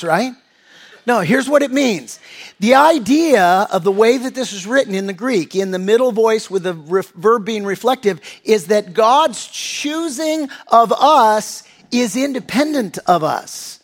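A male pastor preaching a sermon in earnest, with fillers and restarts, sometimes acting out voices from the scriptures. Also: high-pitched.

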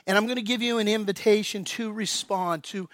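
A male pastor preaching a sermon, swinging between loud, emphatic lines and hushed, slow appeals. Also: high voice, steady tone, dry recording. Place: church.

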